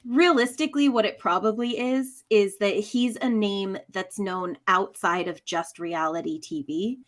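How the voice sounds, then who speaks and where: A woman's voice: mid-range voice, measured pace. A woman co-hosting a casual podcast chat, reasoning aloud and laughing easily. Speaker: podcast co-host.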